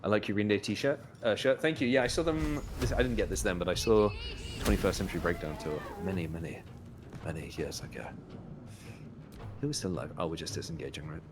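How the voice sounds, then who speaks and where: A man's voice: sits low, fairly quick, noisy background. A man with a British accent, chatting and joking as a guest while playing a co-op game. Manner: chatty, joking, rambling asides. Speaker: co-op guest streamer. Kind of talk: casual gaming chat. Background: game music.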